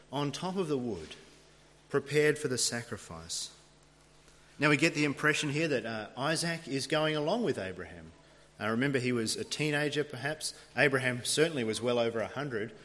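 A man's voice: mid-range voice, expressive, moderate pace, a bit bright. A man preaching a sermon, retelling a scripture story in a dramatic storytelling manner. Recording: long reverb of a large hall.

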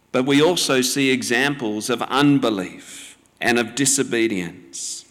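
A male preacher delivers a sermon at a very unhurried pace, leaving space between his phrases. His manner is measured and gently instructive. The voice carries a long reverb, as if it fills a large hall. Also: medium pitch.

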